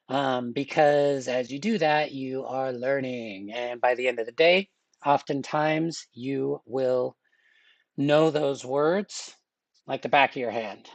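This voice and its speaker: A man teaching a live online exam-prep lesson in a relaxed, chatty way, with filler words and joking asides. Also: mid-range voice, vocal fry, dry recording. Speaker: webinar instructor.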